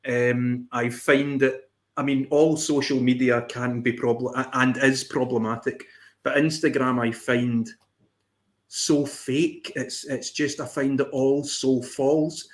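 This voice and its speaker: A man's voice: mid-range voice, little pitch movement, slow pace. A man co-hosting a casual live chat, talking in a hesitant way with many repeated words. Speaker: co-host.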